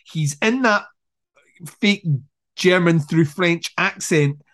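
A man talks through a film with a casual co-host's energy, his voice sitting a little high. He jumps into quick impressions of the characters, swears for emphasis and laughs as he goes. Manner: animated storyteller, acts out scenes, swears, laughs often. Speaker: podcast co-host.

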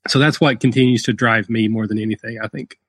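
A man's voice: on the low side, steady tone, fast, slightly rough, dry recording. Brief: male podcast host, chatty and self-deprecating, dry studio sound. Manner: rambling, self-deprecating, frequent fillers. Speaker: podcast host and dungeon master. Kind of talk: casual podcast interview.

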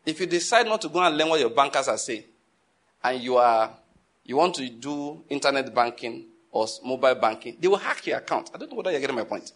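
A man preaching a sermon, emphatic and repetitive, firing rhetorical questions and swinging between quiet and forceful delivery. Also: medium pitch, quick pace. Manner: emphatic, repeats key phrases, asks the audience rhetorical questions; wide swings in loudness between calm and forceful.

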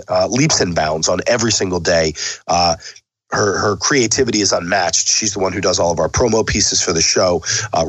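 A man's voice: on the low side, no room sound, low-quality recording. Sick-sounding blunt male podcast host. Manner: blunt, swears freely. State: sick, sniffly voice. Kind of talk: casual sign-off monologue.

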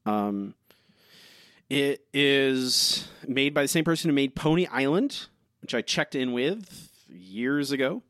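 A young man with a mid-pitched voice talks earnestly and haltingly, stumbling and restarting as he explains. The sound is close and dry, with no room echo. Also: expressive, fairly bright tone. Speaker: podcast co-host. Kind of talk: casual chat.

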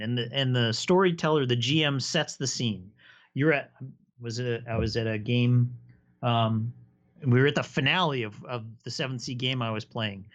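An enthusiastic man in a casual podcast chat, explaining at length and spinning a story. His voice sits at an ordinary middle pitch. The recording is a bit dull and lo-fi. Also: fairly bright tone. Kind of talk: casual chat about tabletop games.

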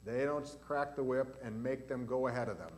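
In a church, a male pastor runs a catechism class for kids and adults, putting questions to the children along the way. His mid-range voice has a darkish tone and moves a little fast.

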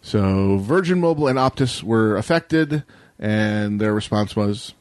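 A man with a lowish voice hosts a casual tech news show. He rambles wryly through stories and tosses in jokey asides. The sound is dry and close. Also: expressive, a little slow, darkish tone, no echo. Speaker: podcast co-host.

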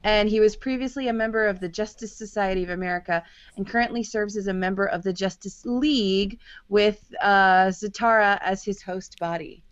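A woman's voice: medium pitch, steady tone, normal speed, hardly any pauses, clear, resonant tone, no echo, highs cut off. A woman co-hosting a podcast in casual chat, playful and sarcastic. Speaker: podcast co-host.

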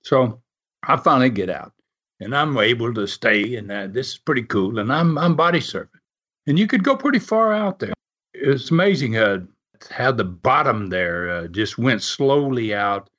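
A man telling a casual anecdote in a rambling way, chuckling often and filling gaps with "uh" and "you know.". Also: medium pitch. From United States. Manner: animated, rambling, chuckles often, many fillers. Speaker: storyteller. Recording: muffled lo-fi recording.

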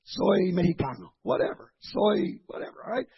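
High, raspy preacher man in fervent sermon. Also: highs cut off. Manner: building from calm teaching to shouted fervor; halting, repeats words with many fillers.

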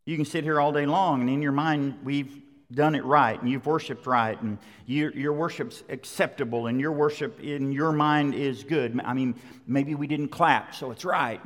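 Long hall reverb fills this recording of a middle-aged man preaching in a large church sanctuary. His voice is medium in pitch and fairly bright, and his delivery is conversational yet emphatic, with repetition driving each point home.

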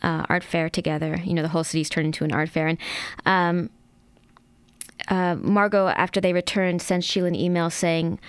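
A woman's voice: deep voice, a little fast, clean tone, no echo. A woman author talking casually in an interview, with frequent fillers and restarts, then reading aloud from her book. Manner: chatty, with many fillers and restarts.

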